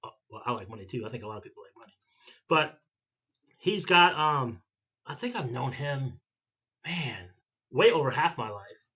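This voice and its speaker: Fifties male vlogger, bright forward tone, casual rambling chat. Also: medium pitch, expressive, moderate pace, long pauses, husky. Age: 50s. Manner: rambling storyteller who repeats and restarts himself.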